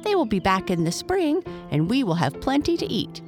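A woman reading a bedtime storybook and voicing a brash, chattering male blue jay with a shrill, jaunty manner. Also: very animated, normal speed, darkish tone, faint music behind, natural voice. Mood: carefree.

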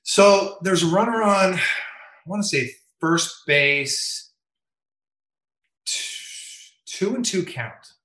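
Male guest, anecdote teller, bright voice, roomy sound. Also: high voice, takes it slowly, long pauses. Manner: animated, acts out quotes with raised voice. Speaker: MLB umpire guest. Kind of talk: storytelling in interview.

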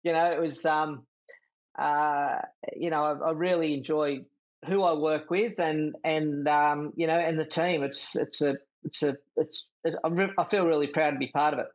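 A man's voice: a little high, steady tone, normal speed, muffled recording. A middle-aged Australian man, a former jockey, telling rambling stories with laughs in a casual interview. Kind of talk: casual chat.

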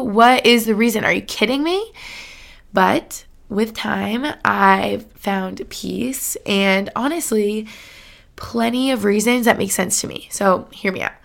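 A woman's voice: medium pitch, gravelly, a bit bright. A woman in her twenties talking casually and earnestly to her viewers, chatty and full of fillers. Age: 20s. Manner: chatty, earnest, filler-heavy with frequent laughs. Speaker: vlogger. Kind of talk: casual talk to camera.

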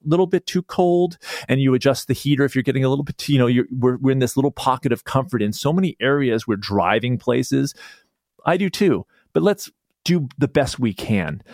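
Male podcast guest, animated storyteller, dry close sound. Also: mid-range voice, dry recording. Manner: animated storyteller, rambling restarts. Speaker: guest author. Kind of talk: casual podcast conversation.

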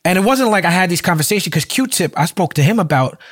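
A man hosting a casual talk, a rapper himself, relaxed and agreeable. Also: sits high, fast, no room sound, clean studio sound. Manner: relaxed, agreeable, frequent backchannels. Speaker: host, rapper. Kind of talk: casual conversation.

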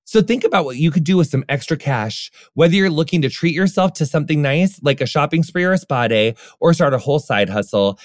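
A man reads an ad casually and playfully. His voice is a little higher than most men's. The recording is dry and close, with no room sound. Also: lively intonation, brisk, hardly any pauses, no echo. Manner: playful, says "darling" and "honey". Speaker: host reading an ad. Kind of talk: casual ad read.

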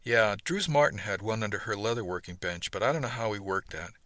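A man voicing an eager young male trader in an audiobook, brisk and enthusiastic. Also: fairly low pitch, sharp tone, no room sound.

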